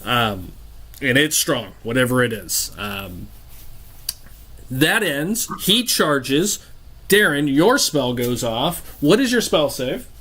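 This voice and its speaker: A man's voice: medium pitch, very animated, slow, bright, forceful tone, breathy edge. A man narrating as game master of a tabletop game, rambling with fillers and restarts.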